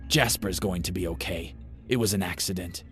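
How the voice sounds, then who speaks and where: A man voicing a young woman in a horror story, her voice shrill with panic and breaking into tears. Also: normal speed, fairly bright tone, soft background music. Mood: tearful soothing. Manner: shrieking and breaking voice. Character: young woman, panicked then tearfully soothing.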